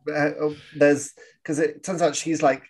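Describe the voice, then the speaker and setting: This podcast co-host has a slightly high, darkish voice, speaking at a moderate pace in a level tone. He chats casually about old films, laughing often and acting out lines he quotes.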